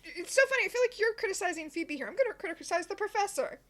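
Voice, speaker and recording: A woman's voice: very high voice, animated, fast talker, fairly bright tone. A woman co-hosting a podcast who adds wry, joking commentary in casual chat. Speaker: podcast co-host.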